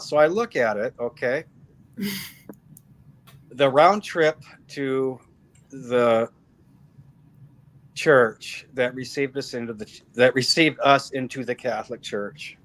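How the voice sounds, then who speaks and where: A middle-aged man, appearing as an interview guest, gives an earnest personal faith testimony, telling his story emphatically and leaning hard on repeated words and phrases. His voice is medium-pitched and a bit bright, captured on poor audio.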